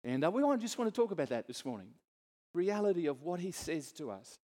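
A man's voice: a little high, very animated, fairly quick, mellow, big-room sound. A middle-aged man preaching a sermon as a pastor, earnest and conversational, turning to the congregation with asides.

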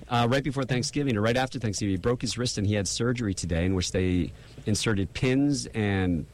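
A man's voice: fairly low pitch, fairly quick. A man hosting a live radio talk show, talking in a chatty, rambling way with frequent restarts.

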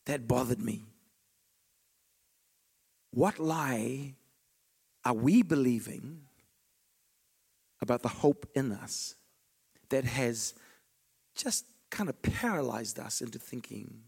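A man preaching a sermon, swinging between loud declarations and hushed asides. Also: mid-range voice, expressive, slow pace, creaky, pauses often, breathy edge.

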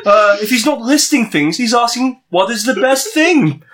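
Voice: medium pitch, lively intonation, moderate pace, fairly bright tone. A co-host improvising comic role-play, teasing and theatrical.

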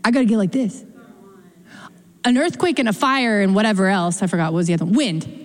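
A young adult woman pastor preaching a sermon, expressive, slowing down for emphasis and speeding up in quick asides. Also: mid-range voice. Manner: expressive, shifts between slow emphatic phrasing and quick asides. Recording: long hall reverb.

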